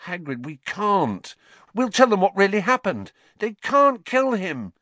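A man voicing an anxious, clever young girl, pleading in a high, strained voice. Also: big pitch swings, measured pace, sharp tone, no echo, heavily acted. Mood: desperate.

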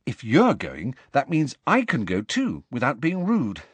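A man's voice: medium pitch, huge pitch swings, unhurried, slightly rough, dry recording, pitched above the performer's own voice, full character voice. A man voicing an earnest, bookish teenage girl who is tired but kind, speaking in a raised, eager voice.

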